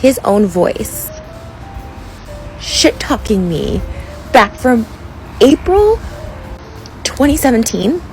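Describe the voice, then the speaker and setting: A woman's voice: a little high, big pitch swings, takes it slowly, pauses often, a little mellow, faint music behind, poor audio. An upset woman ranting into a phone selfie video, rambling with lots of fillers and breaking off mid-sentence. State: upset, close to tears. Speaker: social media influencer. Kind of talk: emotional selfie video rant.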